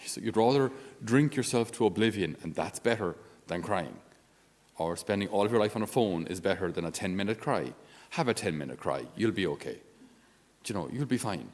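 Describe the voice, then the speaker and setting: A man's voice: fairly low pitch, expressive, a little fast, darkish tone, big-room sound. A male Catholic priest giving an informal spiritual talk on his podcast in a conversational, down-to-earth way with self-deprecating humor.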